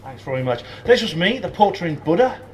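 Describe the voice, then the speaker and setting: A man's voice: high-pitched, big pitch swings, a little fast, slight background noise, low-quality recording. Hesitant Welsh-born man giving a talk. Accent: English, lost Welsh accent. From Wales. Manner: hesitant, many ums, joking asides. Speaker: guest speaker. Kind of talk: lecture to a live audience. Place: pub function room.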